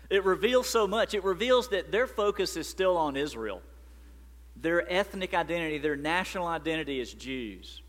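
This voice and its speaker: A man preaching a sermon as pastor, animated and emphatic. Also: fairly high pitch, moderate pace, long reverb tail.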